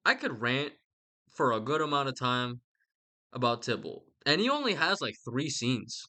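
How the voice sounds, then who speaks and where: A man's voice: medium pitch, big pitch swings, normal speed, sharp tone. A man giving a rambling, sweary comic retelling with lots of asides. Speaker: vlogger.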